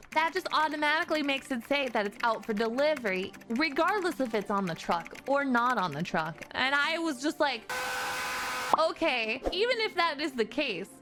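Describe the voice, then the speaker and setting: A woman streamer telling a story in a casual rant, animated and exasperated, swearing freely. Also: on the high side. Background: background music.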